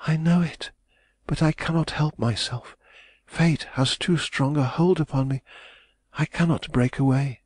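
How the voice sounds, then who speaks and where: A woman's voice: low-pitched, darkish tone, husky, no echo, pitched above the performer's own voice. A man reading an audiobook, voicing a distressed, secretive young society woman who trembles and pleads. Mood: anguished. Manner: tremulous and pleading, quick to cry out.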